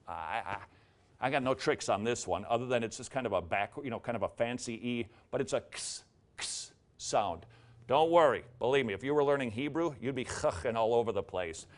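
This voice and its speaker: A man's voice: mid-range voice, lively intonation, brisk. Jokey man teaching letter sounds. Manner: jokey asides, repeats sounds aloud. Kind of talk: casual video lesson on the alphabet.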